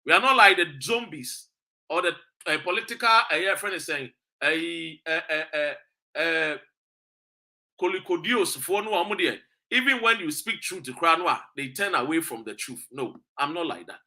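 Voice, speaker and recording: A man's voice: on the high side, lively intonation, moderate pace, pushed and bright. A Ghanaian man hosting a passionate political monologue, switching between English and Twi with preachy emphasis. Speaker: political commentator and show host.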